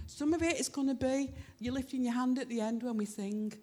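A woman's voice: high-pitched, fairly quick, few pauses, dark tone. Earnest emotional woman preaching a sermon. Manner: emotional, earnest, rising with fervor. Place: church hall.

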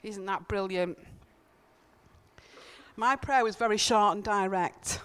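Earnest woman preaching with a smooth voice. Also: medium pitch, takes it slowly, fairly bright tone. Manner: earnest, conversational, emphatic repetitions. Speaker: church speaker. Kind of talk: informal sermon with personal stories. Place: church.

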